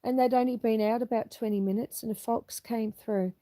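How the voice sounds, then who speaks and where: A woman's voice: a little high, fairly even intonation, brisk, warm tone, no echo. A middle-aged woman with a cough, chatting casually on a live stream as she walks around her homestead and reads out viewer comments. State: fighting a cough. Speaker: homesteader hosting a live walk-and-talk. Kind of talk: casual live-stream chat while walking. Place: outdoors on a farm with cows nearby.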